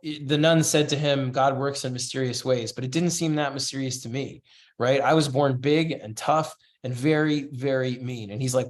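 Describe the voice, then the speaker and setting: A man teaching a comics writing class, talking loosely and reading bits of a script aloud as he critiques it. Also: mid-range voice. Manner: loose, chatty, reads comic lines aloud in passing. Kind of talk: casual online class critique.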